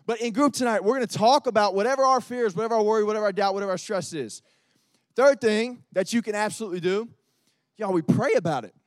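High-voiced youth pastor telling family stories. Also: male voice, fast, no echo, studio quality. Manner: conversational, animated storytelling with many fillers. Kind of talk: youth group sermon.

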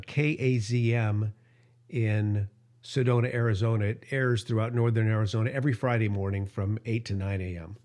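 A man hosting a radio show and podcast, talking in an emotional monologue that climbs higher in pitch when he is outraged and sometimes stumbles over his words. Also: a little mellow.

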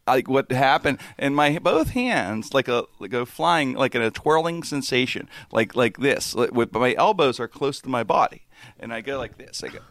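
A man's voice: medium pitch, animated, moderate pace, fairly bright tone, no room sound, studio quality. A man casually telling a rambling, embarrassing story, laughing through his own telling.

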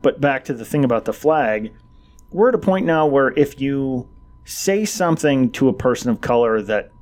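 A man's voice: mid-range voice, expressive, normal speed, darkish tone. A man co-hosting a casual political chat, blunt, mocking and profane.

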